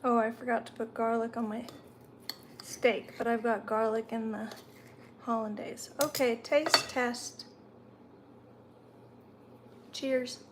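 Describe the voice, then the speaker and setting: Woman on a live stream at home, kinda high voice, talks slow, chews while chatting w/ viewers. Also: steady tone, background noise. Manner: chatty, answers viewer comments while eating. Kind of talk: casual live-stream chat.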